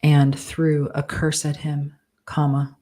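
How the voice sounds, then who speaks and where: A woman author dictating a fantasy novel aloud, calling out each comma and period in a measured, deliberate way. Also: low-pitched, completely flat delivery, warm tone. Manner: speaks punctuation marks aloud, measured and deliberate.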